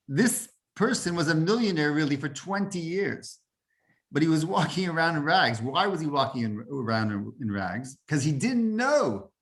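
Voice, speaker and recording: Rabbi guy giving a torah class, bit higher voice, keeps repeating words, drops hebrew terms. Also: very animated, moderate pace, fairly bright tone. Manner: repeats words often while searching for phrasing; mixes Hebrew and Yiddish terms into English. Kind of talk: informal Torah lesson.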